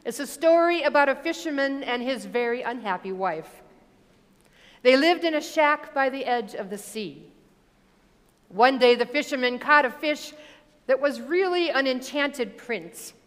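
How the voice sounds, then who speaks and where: A woman preaching a sermon, reading scripture and telling stories in a measured, deliberate way. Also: high voice, animated, fairly bright tone, big-room sound. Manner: measured, deliberate delivery with storytelling asides.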